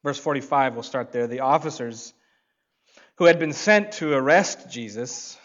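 Pastor, male, mid-pitched, emphatic sermon delivery with slow pauses, slightly dull lo-fi sound. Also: animated, fairly bright tone.

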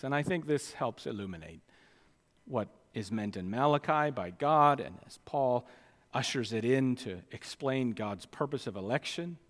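A man preaching a sermon, swinging between quiet asides and loud, emphatic declarations. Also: mid-range voice. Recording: long hall reverb.

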